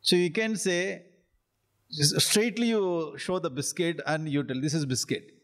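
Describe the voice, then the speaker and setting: An Indian English-accented man leads a scripture class in a lightly raised voice. He recites Sanskrit lines slowly and deliberately, then explains them in plain repeated phrases. He chuckles as he checks whether his students are following. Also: on the high side, a bit bright. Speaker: spiritual teacher.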